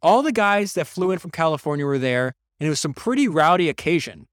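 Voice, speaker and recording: Energetic man retelling a book, dry sound. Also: on the high side, clear, resonant tone, dry recording. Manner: energetic storyteller, quick asides and restarts. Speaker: podcast host reviewing a biography. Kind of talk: casual book summary.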